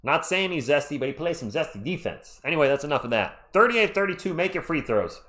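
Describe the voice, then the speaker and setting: Brisk and a little high-voiced, a man hosts a live play-by-play stream as an open fan. He greets chat viewers as he goes, staying excitable, partial, and talkative with his audience.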